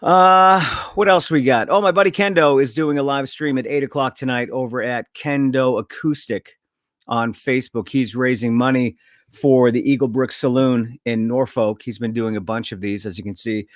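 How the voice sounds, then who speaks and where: A man's voice: mid-range voice, steady tone, moderate pace, dry recording, studio quality. A man hosting a casual talk show, running loosely through sponsor plugs with stumbles and self-corrections before bringing in a guest. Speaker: host.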